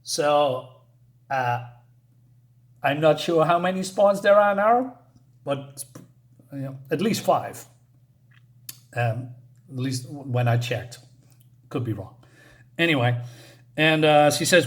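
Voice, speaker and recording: A man's voice: on the high side, slow, pauses often. A man casually reviewing a comic book, rambling and hesitant, full of fillers and restarts.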